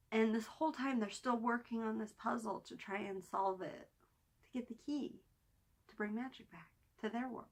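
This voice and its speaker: A woman's voice: fairly high pitch, bright, forceful tone. A woman hosting a casual weekly TV review vlog, talking in an enthusiastic, rambling way with restarts and fillers, sometimes dropping almost to a whisper. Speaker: TV review vlogger.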